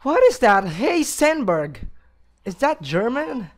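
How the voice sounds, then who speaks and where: A man's voice: very high voice, animated, slow. A man commentating a horror game playthrough, jumpy and easily startled, gasping, yelping and laughing nervously as he plays. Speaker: let's play gamer.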